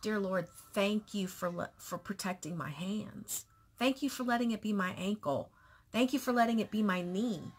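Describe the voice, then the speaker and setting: A woman talking in a casual personal vlog, nervous and candid, halting with restarts and pauses, sometimes dropping into a soft whisper. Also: medium pitch, breathy edge. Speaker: vlogger.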